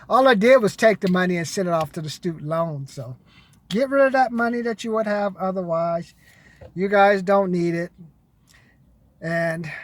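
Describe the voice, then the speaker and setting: A man's voice: high voice, no room sound. A man giving blunt, profane money advice in a casual monologue to camera.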